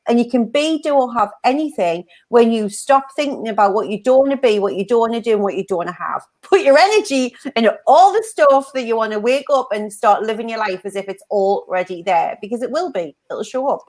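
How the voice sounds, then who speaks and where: A woman's voice: a little high, animated, fairly quick, few pauses, a little mellow. A woman co-hosting a casual livestream, chatty and bubbly, laughing often as she reads out viewer comments. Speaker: co-host of a mindset livestream.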